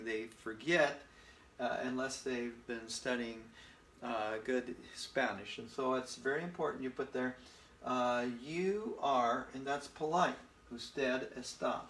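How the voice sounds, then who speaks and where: A man teaching a casual Spanish lesson from home, relaxed and repetitive, often checking in with "okay?". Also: medium pitch, roomy sound, slight background noise. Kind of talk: casual recorded lesson at a board. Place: room at home.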